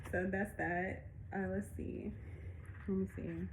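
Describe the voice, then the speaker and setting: A woman's voice: mid-range voice, little pitch movement, slow, slight background noise, poor audio. A woman illustrator walking through her picture book in a casual, chatty way, out of breath and laughing often.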